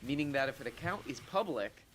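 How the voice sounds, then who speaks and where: Excitable man with swooping voice. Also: mid-range voice, a little fast, slight background noise. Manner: excitable, goofy, mock-dramatic. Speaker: podcast host. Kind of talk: comedic casual talk.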